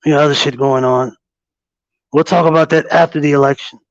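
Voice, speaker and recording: A man's voice: on the high side, fairly even intonation, fairly quick, dry recording, muffled recording, lightly acted. A man doing a loose impression of a brash male politician, talking in a dismissive, profane way.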